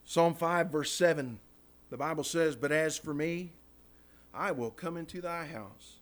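A man's voice: on the high side, a little slow, a bit bright. A man preaching a sermon in church, impassioned, acting out prayers and calling the congregation "guys.".

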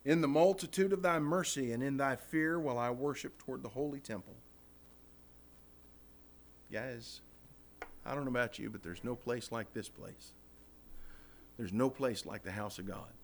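A man's voice: mid-range voice, normal speed, pauses often, slight background noise. A man preaching a sermon in church, impassioned, acting out prayers and calling the congregation "guys.".

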